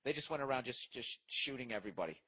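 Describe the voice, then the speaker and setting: A man's voice: mid-range voice, animated, fast talker, bright, forceful tone, poor audio. A man hosting a comedy podcast, ranting profanely and rambling as he reacts to listener mail. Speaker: podcast host. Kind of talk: casual comedic podcast rant.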